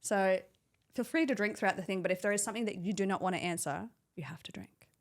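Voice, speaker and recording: A young woman co-hosting a podcast, telling animated stories with lots of swearing and acted-out quotes. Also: mid-range voice, fast talker. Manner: animated storytelling, acts out quotes, swears freely. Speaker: podcast co-host. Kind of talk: casual chat.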